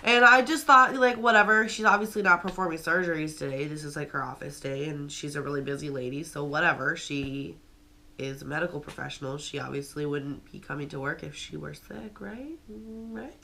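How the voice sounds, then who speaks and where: A woman's voice: low-pitched, fairly quick, creaky, sharp tone. A young woman vlogging to camera, telling a story with many fillers and restarts while venting that she is upset.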